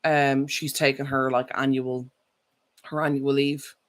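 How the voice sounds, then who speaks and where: A woman's voice: a bass voice, flat delivery, a little slow. A woman chatting casually on a live stream, rambling and correcting herself as she goes. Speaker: vlogger.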